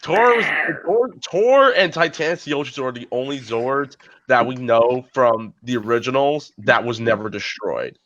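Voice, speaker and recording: A man co-hosting a podcast in casual chat, animated and acting out scenes as he talks. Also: medium pitch, normal speed. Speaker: podcast co-host. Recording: muffled lo-fi podcast audio.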